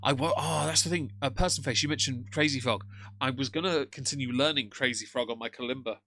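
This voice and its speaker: A man's voice: mid-range voice, a little fast, bright, forceful tone. A man chatting casually on a live stream, greeting chat members by name and joking. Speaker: streamer reacting to a video.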